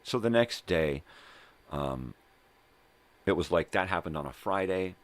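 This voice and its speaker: An older man with a very low, rumbling voice hosts his own casual vlog. He tells a personal story in a loose, rambling way, swearing often and checking in with "right?" and "you know?" as he goes. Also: animated, measured pace, long pauses. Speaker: vlog host. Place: at home.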